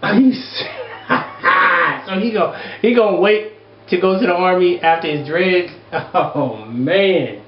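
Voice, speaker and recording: A man hosting an advice show, reading viewer letters aloud and breaking into loud, exasperated, profane rants. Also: high-pitched, slow pace, distant mic. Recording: echoey room, dull lo-fi sound.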